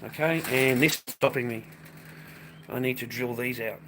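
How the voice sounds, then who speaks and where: A man's voice: medium pitch, fairly even intonation, moderate pace, fairly bright tone. A man ranting casually to the camera, swearing constantly and repeating himself. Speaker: vlogger. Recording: noisy background.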